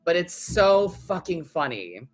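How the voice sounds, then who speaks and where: A man's voice: on the high side, big pitch swings, slow pace. A man hosting a live tarot stream, talking in a loose, chatty way full of "like" fillers, casual swearing and frequent laughter. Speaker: tarot reader, host.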